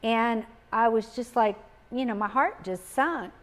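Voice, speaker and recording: A middle-aged woman speaks earnestly and reflectively about grief. Her voice sits a little high, and she pauses often and repeats her phrases for weight. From Texas. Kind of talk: gentle spoken talk on grief. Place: live talk in a community setting.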